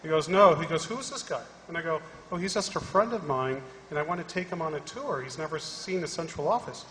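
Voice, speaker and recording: A man with a slightly raised pitch tells a story to a conference crowd, acting out every part of the dialogue. His voice rings through a large hall with long reverb, and a faint noise sits underneath. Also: quick pace. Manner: animated storyteller acting out both sides of a dialogue. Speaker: panelist. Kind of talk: storytelling talk on a conference panel. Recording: echoey hall from a distance.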